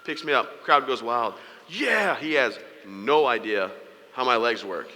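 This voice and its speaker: Young guy cracking jokes in a big speech, bright voice, hall echo on it. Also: mid-range voice, normal speed. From United States. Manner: joking storyteller, playful asides to the audience. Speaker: keynote speaker. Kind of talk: humorous motivational speech.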